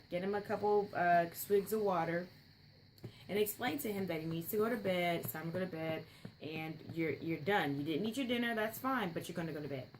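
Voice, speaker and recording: Young woman, chatty storyteller, slightly low voice, faint background noise. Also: rough recording. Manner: chatty and rambling, with frequent fillers and asides. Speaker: podcast host, mother. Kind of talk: casual storytelling monologue.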